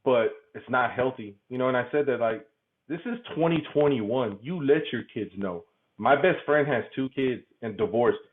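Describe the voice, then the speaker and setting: A man talks openly as an interview guest in a middle-pitched voice. He laughs easily and trips over his own words, repeating them as he finds his way. His voice comes through thin and tinny, as if over a phone line. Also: moderate pace, slight background noise. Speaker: podcast guest. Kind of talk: candid conversational interview.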